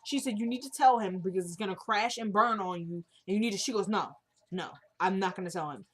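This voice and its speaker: A woman's voice: mid-range voice, fast talker. A chatty woman talks through the latest episode of a drama, tossing out her opinions freely. She slips into the characters' lines as she retells each scene, in a voice sitting in an ordinary middle range. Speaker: show recap host. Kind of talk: casual TV episode recap.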